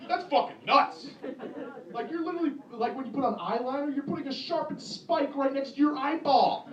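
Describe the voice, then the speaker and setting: A man's voice: extremely high pitch, a little fast, a bit bright, recorded from a distance, muffled recording. A young man from New Jersey with a New Jersey accent doing a crude, sarcastic stand-up comedy set, jumping into mock voices. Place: comedy club with a laughing audience. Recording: echoey club recorded from afar, crowd laughter.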